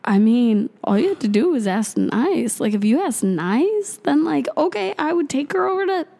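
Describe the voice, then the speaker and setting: A woman telling a crude, animated anecdote in casual chat, acting out both sides of the conversation. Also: high voice, normal speed, gravelly. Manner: profane, animated anecdote-telling with quoted voices.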